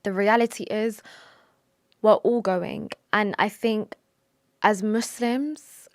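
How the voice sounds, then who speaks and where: A woman's voice: medium pitch, no room sound, clean studio sound. A young woman talking to camera about her faith, earnest and emotional, with sighs, restarts and Arabic religious phrases mixed in. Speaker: vlogger. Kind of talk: personal confessional talk to camera.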